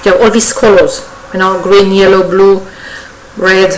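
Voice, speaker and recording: A woman's voice: medium pitch, flat delivery, moderate pace, slight background noise, low-quality recording. Effusive woman giving a tarot reading. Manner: effusive, coaxing, full of "okay?" check-ins and repetitions. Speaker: tarot reader. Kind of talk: weekly tarot reading addressed to viewers. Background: faint birdsong.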